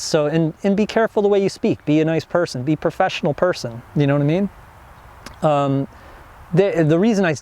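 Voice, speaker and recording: Rambling high-voiced male business teacher. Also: darkish tone. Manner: rambling, filler-heavy, frequent restarts. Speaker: online business course teacher. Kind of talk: casual instructional talk.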